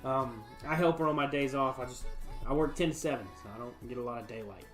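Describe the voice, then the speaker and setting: Broadcasting live from his home bar room with sound foam on the walls, a male host chats casually to viewers over faint music. His voice is medium-pitched, fast and a bit bright, and his manner is rambling, laid-back and folksy, with plenty of fillers.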